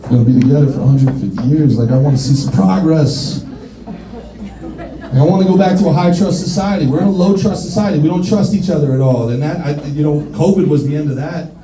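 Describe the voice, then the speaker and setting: A man doing stand-up in a club, his high voice rising to shouts as he acts out bits. He sounds distant from the mic in a roomy space. The crowd laughs and murmurs around him. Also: brisk. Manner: animated, shouting punchlines and acting out quotes. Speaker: stand-up comedian. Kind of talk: stand-up comedy set. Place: comedy venue with a live audience.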